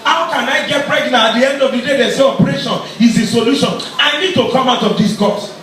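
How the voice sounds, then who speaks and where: A male pastor preaching a fervent, repetitive sermon, often shouting his lines. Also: extremely high pitch, fast talker. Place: large church tent. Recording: very echoey, distant mic, crowd and noise.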